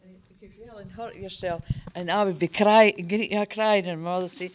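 A woman with a Scottish accent, recalling family sayings in a lively, laughing way. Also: mid-range voice, moderate pace, few pauses. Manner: lively, laughing through the telling. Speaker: reminiscence group member. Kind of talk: casual storytelling.

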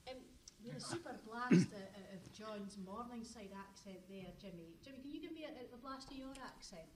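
A woman hosts a panel with a slightly high voice. She prompts and coaxes her guests, often laughing as she asks. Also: animated, fairly quick, crowd noise. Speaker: host. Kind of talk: interviewing a panel.

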